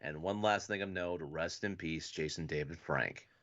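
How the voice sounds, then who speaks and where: A man's voice: sits low, moderate pace, a bit bright. A man co-hosting a podcast in casual chat, rambling with lots of "and stuff" fillers. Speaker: podcast co-host. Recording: dull lo-fi podcast audio.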